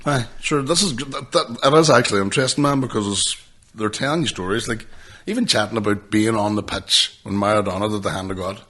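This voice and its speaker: A man co-hosting a podcast, swearing freely as he tells animated stories in casual chat. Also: on the low side, fast talker. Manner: animated storyteller, swears freely, laughs often. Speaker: podcast co-host.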